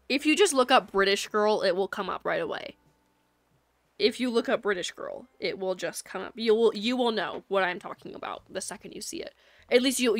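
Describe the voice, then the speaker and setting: A woman's voice: medium pitch, no echo. A young woman streaming live and chatting casually with her viewers, rambling and giggling with frequent restarts. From United States.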